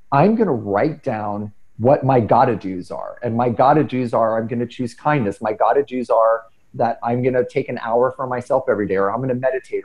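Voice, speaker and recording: Earnest, warm-toned man telling stories. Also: mid-range voice, rough recording. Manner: animated, earnest, self-deprecating with frequent restarts. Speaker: podcast guest speaker. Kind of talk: casual conversational storytelling.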